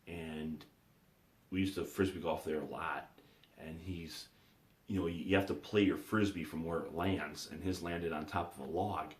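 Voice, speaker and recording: A man's voice: low-pitched, breathy edge. A man telling rambling personal stories in a casual vlog, repeating himself and restarting often. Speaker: vlogger. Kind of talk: casual storytelling. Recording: echoey room.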